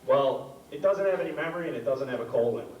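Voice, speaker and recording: A man's voice: medium pitch, animated, fast, dull audio, crowd noise. A young man in his late teens co-hosting a school variety show, trading jokes and arguing with his partner. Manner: bickering, keeps repeating his partner's name. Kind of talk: stage comedy banter. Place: school auditorium stage. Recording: echoey hall from far off, noisy.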